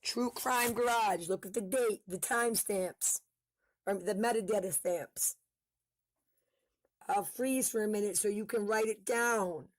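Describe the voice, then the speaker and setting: A woman commentator talking in a heated, fast way, swearing often. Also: medium pitch, no room sound. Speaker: online commentator. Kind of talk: casual commentary video.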